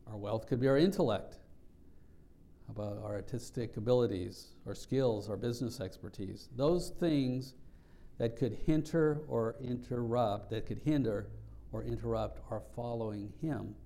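Working his way through scripture, a pastor delivers a sermon in a mellow, gravelly voice of ordinary middle pitch. His teaching is earnest and thoughtful, full of pauses and fresh starts.

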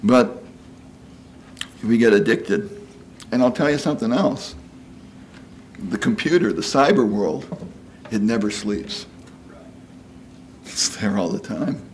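A man's voice: mid-range voice, animated, unhurried, long pauses, a little hiss or hum. A man in his sixties giving a conversational sermon, folksy and chatty, often asking "you know?" and acting out quoted voices. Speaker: preacher.

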